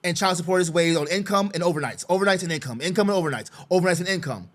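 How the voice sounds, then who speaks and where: Brief: man with a high-pitched voice, a frustrated father talking through his own case, repetitive and sarcastic. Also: very fast. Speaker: father representing himself in a custody case. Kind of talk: casual screen-share walkthrough.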